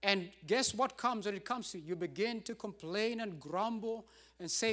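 A man's voice: high voice, normal speed, a bit bright. A middle-aged man pastor preaching a sermon, emphatic and repetitive, with rising bursts.

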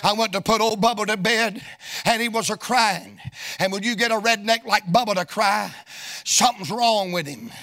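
A middle-aged man, preaching a storytelling sermon in a folksy, sing-song cadence that rises into shouts. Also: high-pitched, moderate pace. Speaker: evangelist preacher.

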